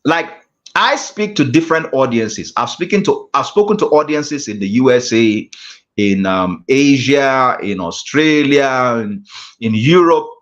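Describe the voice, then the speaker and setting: A man's voice: mid-range voice, animated, measured pace. A man, a guest mentor giving a motivational class talk with emphatic, repeated phrases. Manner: emphatic, preacher-like repetition. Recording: dull lo-fi call audio.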